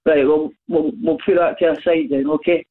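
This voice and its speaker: A man's voice: fairly high pitch, fairly even intonation, fairly quick, a crowd in the background. A man with a Scottish accent calling in to a radio phone-in, emotional and stumbling over his words. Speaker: caller. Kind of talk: phone-in chat. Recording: tinny phone line.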